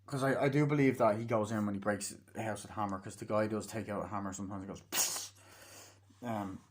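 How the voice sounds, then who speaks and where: A man's voice: on the low side, fairly even intonation, quick pace. A man giving a casual, rambling film review, swearing freely and acting out scenes as he retells them. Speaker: movie reviewer.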